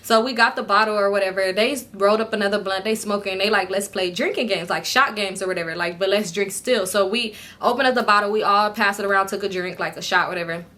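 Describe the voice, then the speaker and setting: A young woman casually telling a storytime vlog, profane and animated, acting out what others said. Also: medium pitch, quick pace, hardly any pauses. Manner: animated, profane, acts out quotes. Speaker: storytime vlogger.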